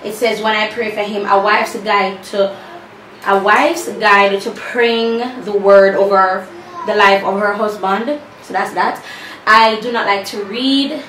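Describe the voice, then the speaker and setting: A woman's voice: medium pitch, steady tone, slow, fairly bright tone. Chatty woman in an echoey room. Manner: chatty, sassy asides to viewers. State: out of breath. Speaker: vlogger. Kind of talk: casual chat. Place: room at home with a fan. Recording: echoey room, far from the mic, faint hum.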